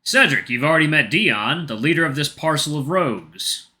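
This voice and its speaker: A man's voice: fairly high pitch, expressive, moderate pace, sharp tone, voice pushed up. A man voicing a jovial, theatrical male fox introducing his friends.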